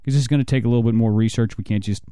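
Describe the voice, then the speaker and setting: A man's voice: mid-range voice, fairly even intonation, very fast, mellow, smooth, no echo. A man hosting a casual podcast, rambling and stammering, with a lot of profanity. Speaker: podcast host.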